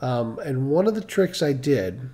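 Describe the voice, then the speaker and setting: A man's voice: medium pitch, big pitch swings, unhurried, mellow. Man rambling through a story. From Michigan. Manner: rambling, with restarts and asides. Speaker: live stream host. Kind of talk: casual storytelling.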